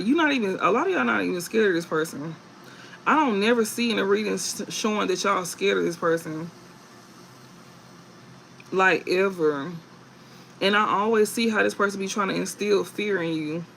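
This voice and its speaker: Man, tarot reader on a live stream: high voice with a gravelly edge, blunt, cusses freely, laughs a lot. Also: fairly bright tone, slight background noise, poor audio. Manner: blunt, profane, laughs often; emphatic repetition.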